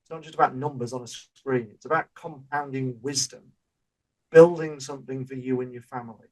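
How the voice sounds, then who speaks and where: A man's voice: mid-range voice, steady tone, a little fast, a little mellow, low-quality recording. A man co-hosting a podcast. He talks in an easy, chatty way and explains ideas through everyday examples. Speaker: podcast co-host. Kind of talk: casual chat.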